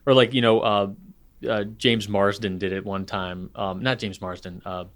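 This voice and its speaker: A man's voice: fairly low pitch, steady tone, normal speed. Eager male podcast co-host. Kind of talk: casual chat.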